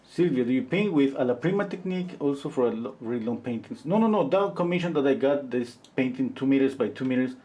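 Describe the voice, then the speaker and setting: A man in his fifties chats casually while he paints and drifts into long, animated stories. His voice sits at an average pitch for a man. He talks loosely and is full of asides to his viewers. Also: fast, few pauses. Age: 50s. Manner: rambling, animated storytelling full of "you know". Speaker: portrait painter.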